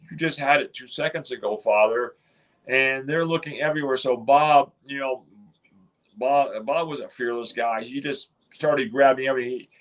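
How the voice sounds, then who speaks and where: A man tells a long story in a casual interview. He rambles and restarts, quoting others in his own voice at a middle pitch. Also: a bit bright, rough recording. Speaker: interview guest.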